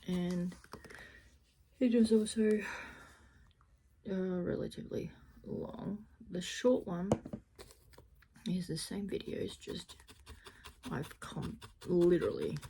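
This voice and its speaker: A woman crafter chatting casually through a felting tutorial, self-deprecating, often dropping into a soft half-whisper. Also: lowish voice, gravelly, noisy background. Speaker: crafter demonstrating needle felting.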